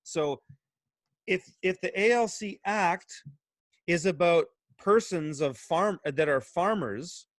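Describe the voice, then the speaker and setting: A man and farmer, talking in an animated, excited way, full of restarts and emphatic questions. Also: high voice, slow, no echo. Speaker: guest, urban farmer. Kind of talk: animated casual discussion.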